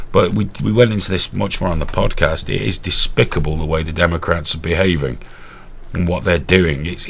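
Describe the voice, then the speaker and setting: A middle-aged host from England rants about the news in a blunt, sarcastic tirade packed with swearing. His voice is low with vocal fry and a fairly bright tone.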